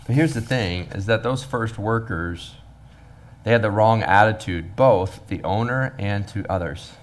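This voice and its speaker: A man's voice: fairly low pitch, unhurried. A man, a pastor preaching a sermon and acting out the workers with humor. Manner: animated, acts out the workers' voices with humor.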